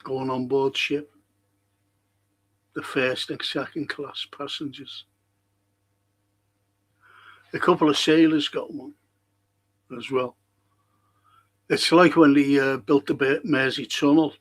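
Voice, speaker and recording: A man's voice: medium pitch, steady tone, unhurried, pauses often, low-quality recording. A man hosting a casual live stream, chatty and rambling as he reads out viewer comments.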